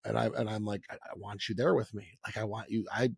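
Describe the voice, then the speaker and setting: A man hosts a podcast in an easygoing, rambling way, circling back and restarting his sentences. His voice has a gravelly, fried edge. The sound is dry and close, with no room around it. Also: lowish voice, fast, no echo. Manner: relaxed, rambling, many restarts. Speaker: podcast host. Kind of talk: casual conversation.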